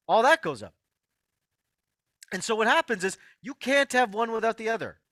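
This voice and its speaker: A high, bright-voiced man gives an emphatic motivational health lecture, swooping up and down in pitch as he repeats his key points. He talks straight to his online audience, and the sound is close and dry. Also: no echo. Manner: emphatic, repeats key phrases, addresses listeners directly. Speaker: host of an online healing workshop.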